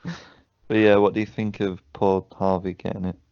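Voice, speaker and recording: Guy on a skype podcast, very low voice, muffled lo-fi call sound, swears a lot. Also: little pitch movement, moderate pace, vocal fry, darkish tone, smooth, no room sound. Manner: sweary, laughs often, banter. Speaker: podcast co-host. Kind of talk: casual chat. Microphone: video call. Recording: dull lo-fi call audio.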